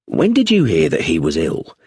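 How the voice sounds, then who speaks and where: A man reading aloud plays a methodical chief inspector in a storybook mystery, polite and businesslike. The voice is low and husky, and the recording is dry and close. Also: wildly swooping pitch, normal speed, a little mellow, no echo, exaggerated voice. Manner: polite, matter-of-fact questioning.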